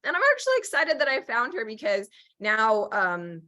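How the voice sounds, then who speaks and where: Bright, bubbly woman co-hosting a chatty podcast. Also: a little high, sing-song, lo-fi sound. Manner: bubbly, laughs often, talks in quick asides. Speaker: podcast co-host. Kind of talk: casual chat.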